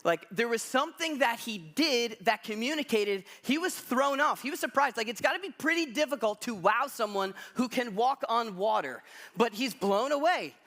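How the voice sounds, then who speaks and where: A man delivers a sermon as pastor, telling a story with animated energy and casual asides to the congregation. His voice sits high for a man. It has a bright, forward edge. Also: moderate pace. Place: church.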